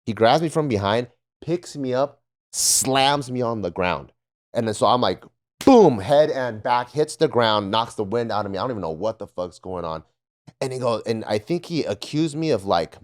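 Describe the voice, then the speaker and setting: A man with a low voice telling stories in loose, casual chat. He swears often, laughs at his own stories and briefly barks out the lines of drill instructors. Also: lively intonation, normal speed. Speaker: podcast panelist, former Marine. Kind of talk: casual storytelling.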